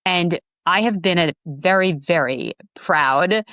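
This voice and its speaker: A woman in her forties from Long Island, New York, telling her story as a podcast guest in a lively, chatty way, full of fillers. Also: on the low side, takes it slowly, no room sound, highs cut off. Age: 40s. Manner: animated, acts out quoted dialogue, many fillers. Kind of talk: casual storytelling interview.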